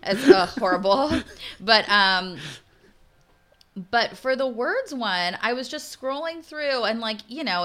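Lively, bright-voiced chatty woman. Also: mid-range voice. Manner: chatty, filler-heavy, sarcastic. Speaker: podcast co-host. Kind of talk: casual chat. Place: Los Angeles.

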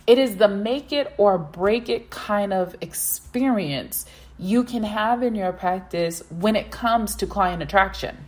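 A woman's voice: mid-range voice, measured pace, a little mellow. A woman hosting a solo business podcast, giving advice in an emphatic way, repeating phrases for stress and asking rhetorical questions. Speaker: podcast host, practice consultant.

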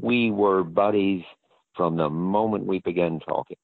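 Deep older man on a tinny line. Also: unhurried, no room sound. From American South. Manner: rambling and hesitant, with many fillers and restarts. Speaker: interview guest. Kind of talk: casual anecdotal storytelling. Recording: dry, phone-like line.

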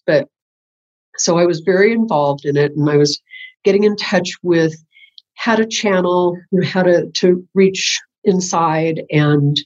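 A woman's voice: fairly low pitch, darkish tone, breathy edge. An older woman, a spiritual teacher, telling the story of how her work began in a casual interview, often laughing and acting out what she thought at the time. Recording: muffled lo-fi audio.

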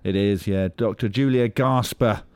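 A man's voice: lowish voice, moderate pace, a little mellow, smooth, no room sound. A man hosting a comedy podcast, quizzing his guests in a playful, teasing way. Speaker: podcast host.

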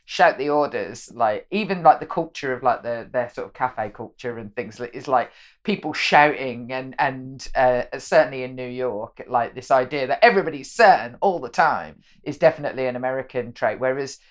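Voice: medium pitch, normal speed. A podcast guest in casual conversation, rambling with lots of "like" and acting out quoted voices. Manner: rambling, heavy use of "like", acts out quotes. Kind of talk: casual chat.

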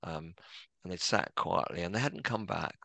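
A middle-aged man, a podcast guest, telling reflective stories in a gentle, self-deprecating way. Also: deep voice, animated, normal speed, creaky, dry recording. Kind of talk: relaxed conversational storytelling.

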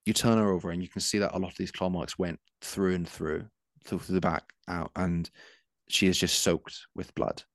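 Deep-voiced man running a tabletop game. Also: level tone, moderate pace, dry recording, clean studio sound. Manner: descriptive, with frequent um and uh. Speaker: game master.

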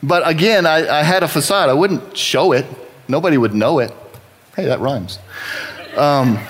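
A man's voice: a little high, moderate pace, slight background noise. A man from Texas giving a sermon-style personal testimony in church, talking in a conversational, wry and self-deprecating way.

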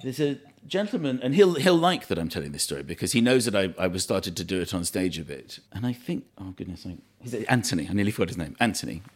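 A man's voice: sits low, very animated, fast, hardly any pauses. A man chatting as a guest, telling rambling, self-deprecating anecdotes with frequent restarts. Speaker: comedian guest. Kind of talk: anecdotal chat.

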